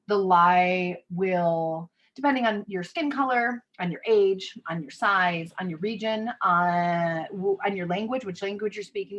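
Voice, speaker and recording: A woman's voice: mid-range voice, highs cut off. A woman in her thirties leading an online workshop over a video call, talking casually and reading out the audience's chat messages. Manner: conversational, reads audience chat aloud. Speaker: workshop facilitator. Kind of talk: live online workshop talk.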